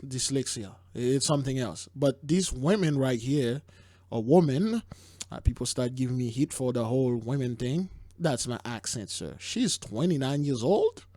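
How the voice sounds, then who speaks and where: A man's voice: mid-range voice, darkish tone, dry recording. A man talks through news clips in a loose, rambling way, tripping over words and sighing between thoughts. His voice sits mid-range and sounds close and dry, with no room around it. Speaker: host. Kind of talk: casual commentary on news clips.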